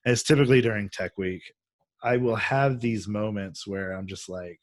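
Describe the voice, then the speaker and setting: A man's voice: on the low side, steady tone, normal speed, no room sound. A man hosting a casual chat, rambling through a story with many fillers and restarts. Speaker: podcast host. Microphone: video call.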